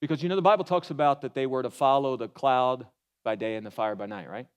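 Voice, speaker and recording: A pastor giving a sermon in an animated, folksy way, mixing humor into his storytelling. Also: medium pitch, quick pace, clean tone, dull audio. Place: church.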